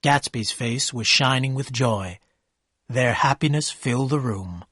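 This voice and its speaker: Male narrator, clear and measured, slow learner-friendly storytelling, mid pitch, dry read. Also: fairly bright tone, dry recording.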